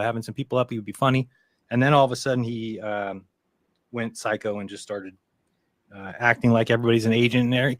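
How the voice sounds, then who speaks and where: A man tells a long, rambling story at a quick clip, jumping in and out of quoted voices. His voice sits at an ordinary pitch. The sound is dry and close. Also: no room sound. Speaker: podcast co-host. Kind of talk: casual storytelling chat.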